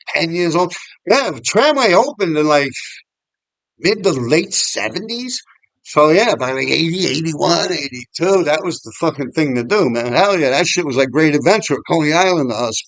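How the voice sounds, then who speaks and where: Recorded with no room sound, a man's slightly high, a-bit-bright voice tells old graffiti stories. A middle-aged New York City graffiti writer and vlogger, he rambles, swears a lot and laughs often while storytelling casually outdoors on a walking path.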